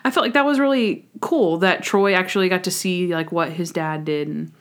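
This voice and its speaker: A woman's voice: fairly low pitch, moderate pace. Chatty woman podcast co-host. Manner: animated, acts out scenes in quoted voices with sound effects. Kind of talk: casual chat recapping a TV episode.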